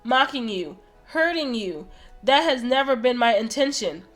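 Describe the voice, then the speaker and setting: A woman reading the lines of a nervous young man confessing his feelings in a game, earnest and halting. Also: on the high side, expressive, a bit bright, faint music behind. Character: nervous young man confessing love, prickly but shy.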